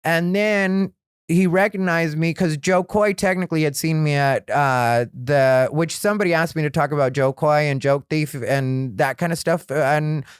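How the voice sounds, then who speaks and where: A male comedian hosting his own podcast, telling stories in a frank, rambling way that grows animated. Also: a little high, moderate pace, clean tone, no room sound, clean studio sound. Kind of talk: candid solo podcast storytelling.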